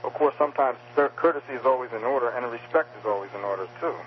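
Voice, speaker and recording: A man's voice: medium pitch, fast, muffled recording, slight background noise. A male author interviewed about his book, speaking with frequent fillers and restarts. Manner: hesitant, many fillers and restarts. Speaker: author guest.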